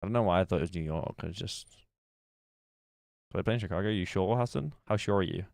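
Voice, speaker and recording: Man, deep low voice, dry close mic, casual livestream chatter, thinking aloud. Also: quick pace, gravelly, darkish tone, no echo. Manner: musing aloud while playing a guessing game. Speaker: streamer.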